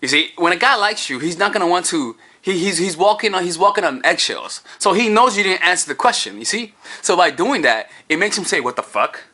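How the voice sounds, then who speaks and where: Animated, bright-voiced dating coach. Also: male voice, high voice, brisk, few pauses. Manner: profane, animated, rambling. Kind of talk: casual advice vlog. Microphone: camera-mounted microphone.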